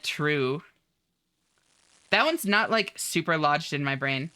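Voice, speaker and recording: Low, bright-toned woman streamer chatting. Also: lively intonation, takes it slowly. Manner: chatty, reads chat aloud, laughs often. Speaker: game streamer. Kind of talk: casual live-stream chat.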